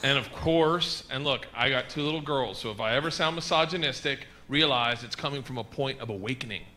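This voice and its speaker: A man performing a stand-up comedy set on a club stage, telling loud, rowdy stories with shouted bursts into a handheld mic. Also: mid-range voice, fairly quick, a crowd in the background. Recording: noisy live club recording.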